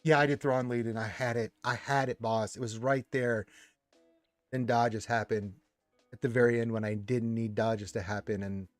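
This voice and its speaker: A man hosting a casual gaming livestream, reading chat comments aloud and reacting with loud greetings and low grumbles. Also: steady tone, moderate pace, no room sound, faint music behind. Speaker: livestream host.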